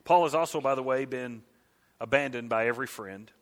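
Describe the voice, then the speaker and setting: A man preaching a sermon, swinging from hushed, slow lines to loud, urgent calls. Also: medium pitch. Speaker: pastor.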